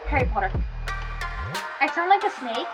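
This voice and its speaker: A woman's voice: sits high, very animated, moderate pace, low-quality recording. A young adult woman chatting casually and rambling off on tangents as she browses and draws. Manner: rambling, easily sidetracked, chatty. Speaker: streamer chatting while drawing. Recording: clear background music.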